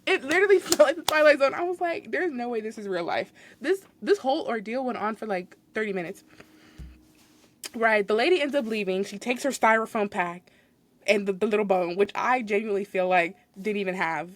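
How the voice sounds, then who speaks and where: A young woman hosting a podcast tells a work story in a casual, exasperated way, laughing often. Her voice is a little high and fairly quick, and her retelling is animated.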